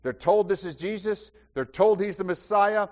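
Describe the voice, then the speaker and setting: A man's voice: high-pitched, moderate pace, a little mellow. Preacher man in a reverberant hall. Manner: asks the congregation questions, repeats phrases for emphasis. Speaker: pastor. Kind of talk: sermon. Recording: dull sound with long hall reverb.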